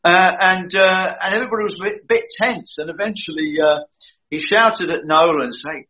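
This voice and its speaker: Guy telling an anecdote, bright voice, does everyone's lines. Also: sits high, a little fast, rough recording. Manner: animated, acts out quoted dialogue. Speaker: guest recalling a film shoot. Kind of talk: anecdotal storytelling.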